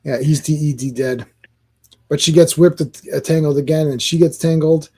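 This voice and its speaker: A man's voice: on the high side, fairly even intonation, normal speed, darkish tone, breathy edge. A man hosting a casual comic book chat, talking loosely and reading panels aloud. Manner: chatty, reads comic dialogue aloud. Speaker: comic book podcast host.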